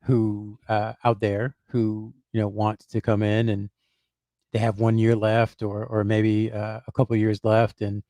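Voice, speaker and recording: A man's voice: on the low side, completely flat delivery, a little slow, warm tone, no room sound. A man on a podcast, a basketball reporter who hedges and thinks aloud with lots of fillers and restarts. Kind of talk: casual podcast chat.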